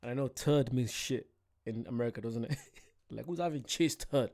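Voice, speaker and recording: A young man with an English accent talks casually to his viewers, joking and playful. His voice is mellow and warm, at a middle pitch. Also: moderate pace, vocal fry. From England. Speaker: reaction video host. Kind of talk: casual chat.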